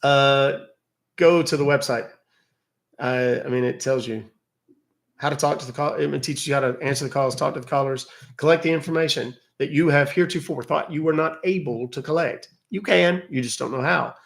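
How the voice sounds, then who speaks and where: A man's voice: medium pitch, moderate pace, creaky. A man around fifty, hosting a casual livestream and answering viewer questions in a wry, chatty way. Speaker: host answering live chat questions.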